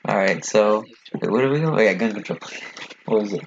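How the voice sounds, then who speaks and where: A young man co-hosting a casual podcast chat, talking fast and rambling with lots of fillers and swearing. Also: on the low side, vocal fry. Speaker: podcast co-host. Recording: dull lo-fi sound with faint noise.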